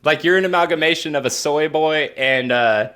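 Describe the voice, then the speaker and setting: A young adult man co-hosting a comedy podcast, riffing crude jokes in casual banter and slipping into quick put-on voices for bits. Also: fairly high pitch, pushed and bright, smooth. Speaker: podcast co-host.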